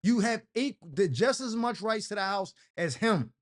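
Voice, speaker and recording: A man's voice: sits high, expressive, moderate pace. A man hosting an advice show, talking in a slangy, fired-up, heated way. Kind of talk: casual advice rant.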